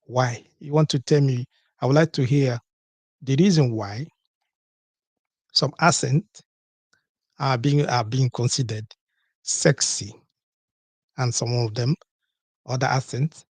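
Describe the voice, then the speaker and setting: Gravelly husky-voiced man hosting a podcast. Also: medium pitch, slow, pauses often, dry recording. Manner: rhetorical, repeats points with "okay?" and "what?". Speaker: podcast host. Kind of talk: solo podcast talk.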